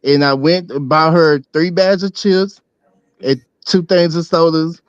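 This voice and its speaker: A man's voice: on the high side, steady tone, a little slow, clean tone, no echo. A man, casually telling a long story with loose, rambling talk full of fillers and restarts. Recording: dull, muffled, dry mic sound.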